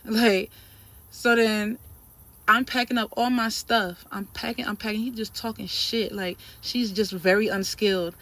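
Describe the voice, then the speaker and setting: A woman telling a story in a casual vlog, animated and emphatic, with lots of slang. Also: medium pitch, unhurried. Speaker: trucking trainee telling a story.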